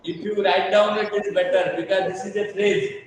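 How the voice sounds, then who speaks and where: A man's voice: sits high, little pitch movement, normal speed, crowd noise. A man teaching a class, explaining patiently with much repetition and checking that students understand. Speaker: English teacher. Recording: echoey room, mic far off.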